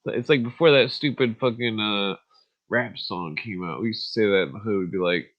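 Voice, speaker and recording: A male podcast host talks in a blunt, profane, rambling way, full of fillers and restarts, then reads passages aloud. His voice sits at an ordinary middle pitch. The sound is a little dull and lo-fi, like a home livestream. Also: brisk. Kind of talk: casual ranting and reading aloud.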